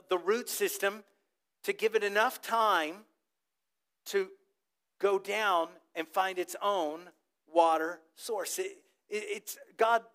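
Pastor, male, high-pitched, lively sermon storyteller who gets the crowd to echo him. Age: adult with a child old enough to talk. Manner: animated storytelling, asks the congregation to repeat words.

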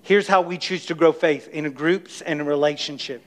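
A middle-aged man preaching a sermon as pastor of his church, emphatic and energetic, calling on the congregation to respond. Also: a little high, normal speed. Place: church sanctuary.

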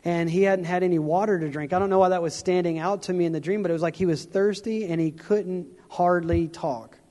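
A traveling evangelist speaks fairly quickly in a high, mellow voice with fairly even intonation. Telling his testimony from a stage, he's earnest and informal, often restarting and chuckling, in a hall with long reverb.

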